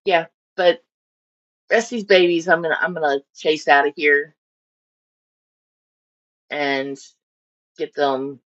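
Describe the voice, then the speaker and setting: A woman's voice: low voice, fairly even intonation, takes it slowly, pauses often, fairly bright tone. Chatty woman rambling on a lo-fi stream. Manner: chatty, rambling, voices her fish in silly asides. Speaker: fish-keeping streamer. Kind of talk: casual live-stream chat. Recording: dull lo-fi stream audio.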